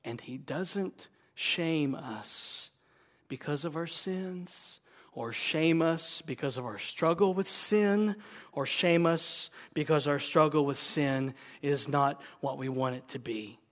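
A man pastor preaching a sermon, dropping to hushed whispers and then rising to loud, emphatic declarations. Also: fairly high pitch, slow. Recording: long reverb of a large hall.

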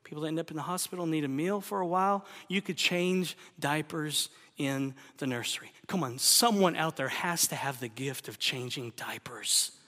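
Emphatic preacher with a bright, high voice. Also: male voice, moderate pace, hardly any pauses, big-room sound. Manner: emphatic, swings from loud to hushed. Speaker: pastor. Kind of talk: sermon.

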